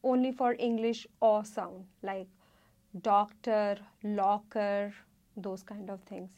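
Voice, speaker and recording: A woman teaching a Hindi reading lesson, saying each word slowly and repeating it. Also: mid-range voice, mellow. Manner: slow, careful, repeats each word twice. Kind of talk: slow spoken lesson, repeating words.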